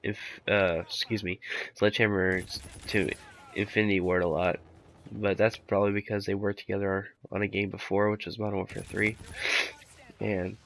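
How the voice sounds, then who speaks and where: A man's voice: on the low side, flat delivery, normal speed, a bit bright. A man doing casual commentary over his gameplay while sick, rambling laid-back with lots of fillers. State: sick, rough voice. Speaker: gaming commentator.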